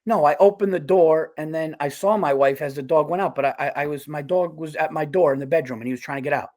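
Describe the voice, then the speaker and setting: Exasperated man ranting through a story. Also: a little high. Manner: animated, exasperated, fast bursts. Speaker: podcast co-host.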